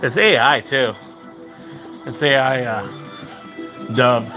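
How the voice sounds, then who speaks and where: A man hosting a casual livestream, chatting and rambling to his viewers, mixing in Spanish words and breaking into excited whoops. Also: medium pitch, takes it slowly, highs cut off, soft background music. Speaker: livestream host.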